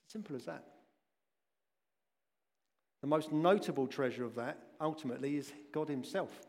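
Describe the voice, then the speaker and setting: A man's voice: fairly high pitch, normal speed, a little mellow. A middle-aged man preaching a sermon in a church, chatty and conversational, with asides to his listeners. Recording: long echoing hall reverb.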